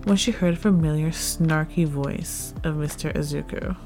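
A woman's voice: low-pitched, normal speed. Woman narrating a story over music. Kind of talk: fan fiction audiobook narration.

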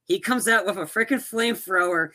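A man's voice: sits high, fairly quick, bright, forceful tone. A man casually recapping a film's plot, rambling with many restarts and fillers and acting out characters' lines.

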